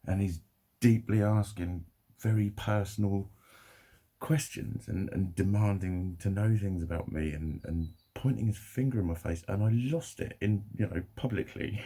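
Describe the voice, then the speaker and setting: A man's voice: on the low side, unhurried, mellow, breathy edge. A young man ranting to camera in a sweary, rambling, heated way. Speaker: vlogger.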